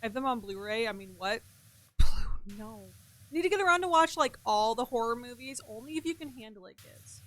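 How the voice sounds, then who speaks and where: A woman's voice: on the high side, expressive, brisk, a bit bright. A young woman streaming a game and chatting casually, talking freely, swearing, and answering her chat. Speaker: gaming streamer.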